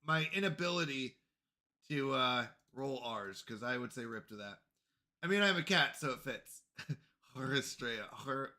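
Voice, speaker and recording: Bright-voiced man chatting on a game stream. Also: a little high. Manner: flustered, apologetic, talks to chat, repeats himself. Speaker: livestreamer. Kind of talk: casual live gaming stream chat.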